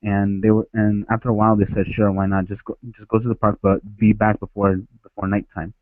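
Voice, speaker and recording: A man's voice: lowish voice, little pitch movement, fairly quick, no echo. A man from Ecuador calling in on a headset, telling a childhood story in a rambling way with many restarts. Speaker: caller. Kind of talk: phone-in storytelling. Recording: dry, tinny phone-like line.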